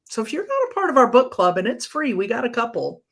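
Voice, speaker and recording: A woman's voice: on the high side, very animated. A woman, co-hosting a casual chat and telling stories with quoted asides. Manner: chatty storyteller, quotes people in quick asides. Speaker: co-host.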